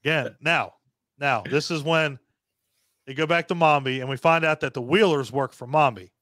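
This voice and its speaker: A man in casual podcast chat, reviewing a film with constant swearing and rambling asides. His voice sits a bit high for a man and sounds dry and close. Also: moderate pace, a bit bright, no room sound. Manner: profane, rambling, acts out characters' lines. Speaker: podcast co-host.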